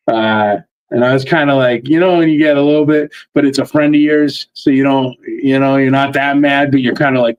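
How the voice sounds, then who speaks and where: A man's voice: mid-range voice, moderate pace, darkish tone, low-quality recording. A man with a mixed Northeastern US and Tennessee accent, telling stories in a casual livestream chat. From New York and Connecticut, US. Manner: laid-back storyteller, laughs often. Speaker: convention creator, guest.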